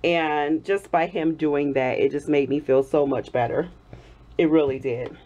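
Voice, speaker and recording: A woman's voice: deep voice, steady tone, unhurried, warm tone, highs cut off. A woman in her thirties telling a story in a casual home vlog, chatty and laughing often, still getting over an illness. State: recovering from illness. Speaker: soap-making vlogger.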